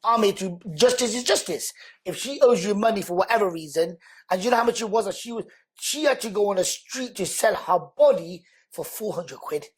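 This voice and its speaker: Husky man telling his story. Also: sits high, a little fast. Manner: animated, acts out quoted dialogue. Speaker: podcast guest. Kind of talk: conversational storytelling.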